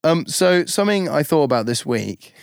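A playful man co-hosting a chatty podcast, laughing often as he talks. His slightly high voice jumps around with a lot of life, and the recording is close and dry. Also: big pitch swings, creaky, smooth, no echo. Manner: giggly, playful, quick to laugh. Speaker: podcast co-host. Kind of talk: casual chat.

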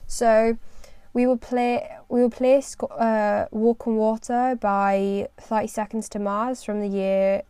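A woman's voice: on the high side, little pitch movement, slow pace, warm tone, smooth, no room sound. A young woman from the UK hosting her own podcast, chatting casually and rambling, with a self-deprecating humour. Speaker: podcast host. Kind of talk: casual solo podcast chat.

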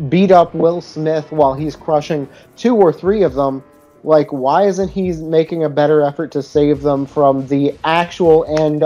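Doubtful co-host, mellow dark tone, muffled lo-fi recording. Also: mid-range voice. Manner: skeptical, hesitant with fillers. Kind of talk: casual movie discussion. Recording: dull lo-fi sound.

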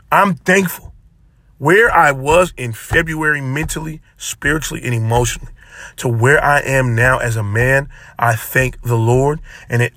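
A man's voice: mid-range voice, sharp tone, no room sound. A man hosting his own podcast alone, talking in an impassioned, preachy way and repeating phrases for emphasis. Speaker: podcast host. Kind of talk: solo motivational podcast talk.

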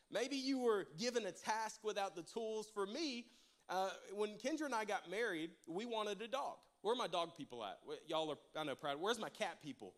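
A man's voice: high-pitched, moderate pace. A man preaching a sermon to a church congregation, telling a funny personal story and joking with the crowd before turning to his message. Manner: storytelling, animated, jokes with the congregation. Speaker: pastor.

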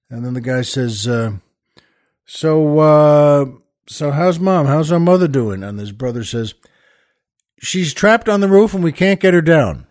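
A man's voice: medium pitch, unhurried, a little mellow. A man hosting a podcast, telling jokes in a rambling, chuckling way with many restarts and fillers. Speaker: podcast host. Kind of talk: casual joke telling.

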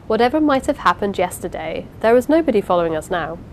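A gentle old uncle with a quaint foreign manner, tender and sorrowful, pleading softly with his niece, as a woman reading the storybook puts him on. His voice sits at an ordinary middle pitch, with a faint steady hum behind it. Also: quick pace, rough recording. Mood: relieved.

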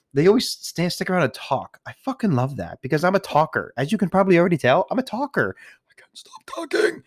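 A man's voice: on the low side, clean tone, no echo, clean studio sound. A man talking to his listeners in a casual, rambling monologue. He swears a lot, talks nonstop and restarts his sentences often. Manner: profane, chatty, restarts often. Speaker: retail worker talking to listeners.

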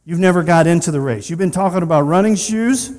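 Preaching fast in a high, slightly mellow voice, this male pastor keeps his sermon conversational, adding personal asides and rhetorical questions. A large hall gives the recording a long reverb.

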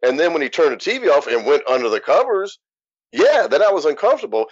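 A man's voice: a little high, big pitch swings, fast, husky, dry recording. A man, speaking as an interview guest and telling his story bluntly and frankly. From Louisiana. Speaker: guest, author. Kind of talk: candid interview. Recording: dull lo-fi dry recording.

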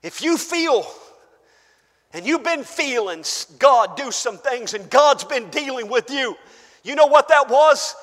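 A man preaching a sermon to his congregation, emphatic, rising to shouts and dropping to hushed asides, calling out to the room. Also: very high voice, animated, measured pace. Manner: calls out to the congregation. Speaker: pastor. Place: church. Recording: long church-hall reverb.

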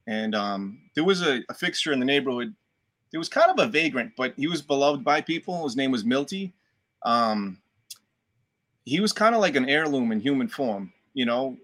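A man from Boston with a light, worked-down local accent, talking in an easy, animated way. His voice rings bright and forward. He swears freely as he tells stories. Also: medium pitch. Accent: Boston, softened. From Dorchester, Boston. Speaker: guest actor. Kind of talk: casual podcast chat.

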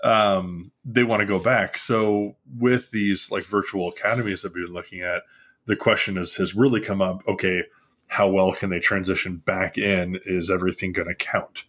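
A man's voice: deep voice, fairly even intonation, moderate pace, fairly bright tone. A man and parent talking casually, easygoing and thinking aloud. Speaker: parent discussing schooling. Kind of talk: casual conversation.

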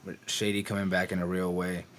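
A man's voice: deep voice, monotone, brisk, fairly bright tone, slight background noise. A young man co-hosting a podcast in casual chat, loose and swearing, often laughing. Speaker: podcast co-host.

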